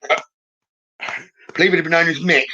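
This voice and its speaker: A man giving a live psychic reading, gentle and reassuring, often checking in with "okay?" and pausing with "um". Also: fairly high pitch, fairly even intonation, breathy edge, muffled recording. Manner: hesitant, with many "um" pauses. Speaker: psychic medium.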